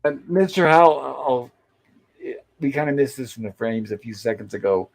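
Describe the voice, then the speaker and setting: This host runs a casual episode-recap show, reading old sitcom scenes aloud and quoting characters in his own voice. His mid-range voice has vocal fry and a normal speed, captured with poor audio.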